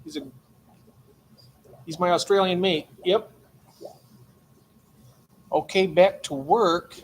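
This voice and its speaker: A man's voice: high voice, slow, breathy edge. An older man hosting a late-night livestream from his aquarium room, chatting and greeting viewers by name. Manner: chatty, greets chat members warmly by name. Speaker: livestream host.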